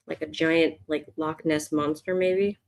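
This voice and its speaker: A woman's voice: low-pitched, fairly even intonation, a little slow, creaky. A woman hosting a live sketch session as an art teacher, chatting casually and thinking aloud as she draws. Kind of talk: casual live drawing stream.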